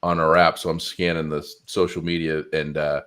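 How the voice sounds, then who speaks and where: Deep-voiced male podcast host. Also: level tone, a bit bright. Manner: quick, with frequent short back-channel replies. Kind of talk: casual interview hosting.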